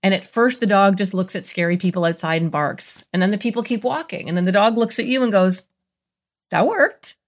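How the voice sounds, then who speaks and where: A middle-aged woman who works as a therapist explains ideas during a podcast interview, speaking in a mid-range voice at a quick pace with few pauses. She's animated and acts out little voices in her examples.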